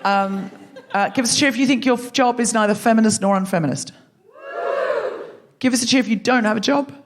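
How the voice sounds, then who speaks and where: A woman's voice: fairly high pitch, brisk, a crowd in the background, noisy background. Teasing woman hosting a live comedy show. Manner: chatty, self-mocking, teasing the audience. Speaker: podcast host. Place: theatre stage before a live audience.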